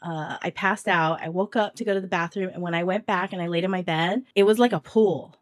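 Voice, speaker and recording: A woman co-hosting a podcast in casual chat, telling stories in an animated, chatty way, slightly stuffy-nosed. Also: on the low side, brisk, dry recording, clean studio sound. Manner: chatty, animated storytelling with laughs. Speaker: podcast co-host.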